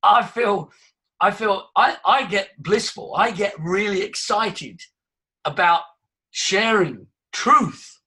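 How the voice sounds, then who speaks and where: Older male voice coach addressing a crowd: high, bright, sharp delivery, theatrical. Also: slow, breathy edge. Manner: exuberant, theatrical, swings between loud and soft. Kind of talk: talk to a live audience.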